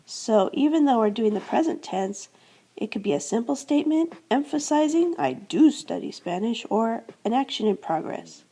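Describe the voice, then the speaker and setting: Her voice is on the high side, mellow and breathy-edged, with lively intonation at a moderate pace. The American woman teaches Spanish grammar in a classroom manner, going step by step, repeating verb endings and answering her own questions.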